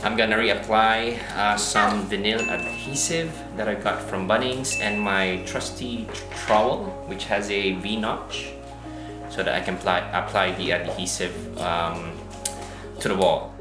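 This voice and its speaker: A man's voice: fairly low pitch, fairly even intonation, measured pace. A man talking casually and with self-deprecating humor in a DIY vlog. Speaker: vlogger doing DIY. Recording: echoey room with music.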